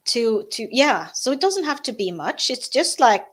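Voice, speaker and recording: A woman with a Norwegian accent, a guest in a live interview, talking softly and hesitantly with many fillers and restarts. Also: fairly high pitch, very animated, moderate pace, few pauses.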